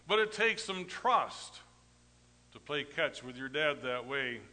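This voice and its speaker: A middle-aged man preaching a storytelling sermon, folksy and rambling, with sudden swings between loud emphasis and quiet asides. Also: a little high, expressive, a little slow, in a large hall. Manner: folksy, rambling anecdotes with tag questions.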